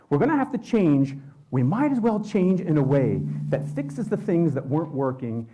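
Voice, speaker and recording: A man's voice: mid-range voice, warm tone, breathy edge. A man presenting for a state environmental agency, talking in a conversational way with frequent restarts and self-corrections. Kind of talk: educational presentation.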